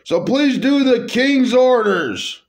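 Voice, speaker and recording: A man's voice: very high-pitched, animated, takes it slowly, creaky, pitched above the performer's own voice, full character voice. A bossy king who barks out orders in a raised, emphatic voice, played by a man reading his own story. Every line is a command.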